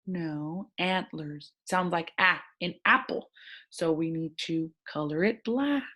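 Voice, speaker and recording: Woman, phonics teacher for first graders, unhurried and encouraging, lowish voice. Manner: slow, gentle and encouraging, sounding out words. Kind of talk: recorded online phonics lesson.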